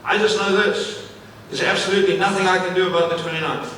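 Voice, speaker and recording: A man from Africa giving an energetic live keynote speech on stage, repeating phrases and putting questions to the audience. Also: sits high, fast, a little hiss or hum. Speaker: motivational speaker. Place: large event venue, on stage. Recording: echoey hall, mic at a distance, faint ambience.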